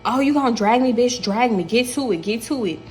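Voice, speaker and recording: A woman's voice: a little high, animated, a little fast, a little mellow, soft background music, natural voice. A woman voicing an angry pregnant young woman who is defiant and blunt.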